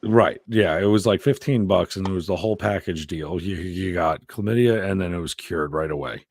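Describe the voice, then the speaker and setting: Deep guy rambling crude stories on a podcast, lots of swearing, dry sound. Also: moderate pace, dry recording. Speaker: podcast co-host. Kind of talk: casual storytelling chat.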